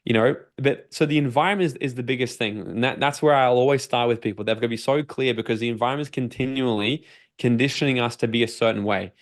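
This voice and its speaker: A man with an Australian accent speaks as a podcast guest at a mid-range pitch. He is a personal development coach who talks with lively energy and swears freely. He often slips into the voice of his own inner doubts. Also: fast talker.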